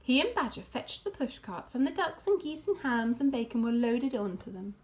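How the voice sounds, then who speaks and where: Animated woman reading a children's book. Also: a little high, moderate pace. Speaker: storyteller. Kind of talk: children's book read aloud.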